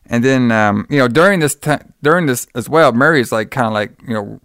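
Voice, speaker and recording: A man in easy, rambling conversation, walking through a film's plot scene by scene. His voice is smooth and resonant, recorded close with no room sound. He leans on fillers and bursts higher and louder whenever he quotes a character. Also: lively intonation, brisk, dry recording. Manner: rambling, lots of fillers, acts out quotes in a raised voice. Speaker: podcast host recapping a movie. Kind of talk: casual chat.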